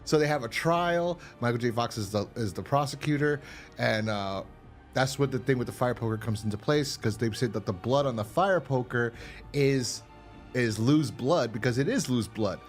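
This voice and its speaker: Over faint background music, this man speaks in a mid-range voice at normal speed. As a podcast co-host covering a horror episode, he retells the plot in a loose, profane way, frequently starting over.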